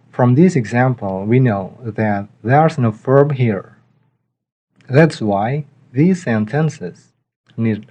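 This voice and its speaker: Man, patient grammar teacher, dark mellow tone. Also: mid-range voice. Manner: slow, methodical, reads out example sentences. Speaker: language teacher. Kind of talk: explanatory grammar lesson.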